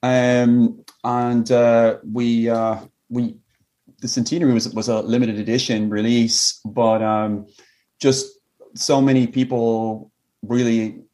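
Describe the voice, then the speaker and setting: Brief: Irish male guest, average pitch, hesitant and self-deprecating. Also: flat delivery, takes it slowly, dark tone. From Ireland. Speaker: whiskey company founder, guest. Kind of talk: casual chat.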